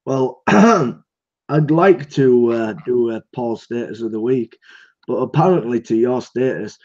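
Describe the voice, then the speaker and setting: A man's voice: mid-range voice, slow, darkish tone. A man co-hosting a podcast, laid-back and giggly with casual swearing. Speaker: podcast co-host. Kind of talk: casual banter. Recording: dull lo-fi sound.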